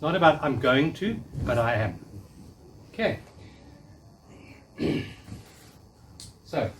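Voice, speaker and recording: A man's voice: fairly high pitch, darkish tone. A man in his fifties giving a live talk, coaching and encouraging the audience in a room. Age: 50s. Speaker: workshop speaker. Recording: distant mic, faint noise.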